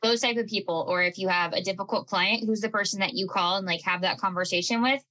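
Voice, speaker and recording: Bright, emphatic woman podcast co-host. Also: mid-range voice, fast talker, rough recording. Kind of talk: casual podcast chat.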